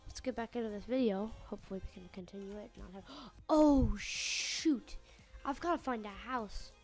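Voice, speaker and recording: A woman giving casual gameplay commentary, chatting as she plays and yelling at the in-game animals and villagers. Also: fairly high pitch, normal speed, faint music behind. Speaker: gamer.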